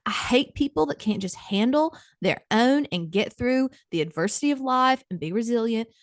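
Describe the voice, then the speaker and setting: A woman's voice: fairly high pitch, animated, moderate pace, dry recording, studio quality. A middle-aged woman hosting a comedy podcast, telling a dramatic, gossipy story to her co-host.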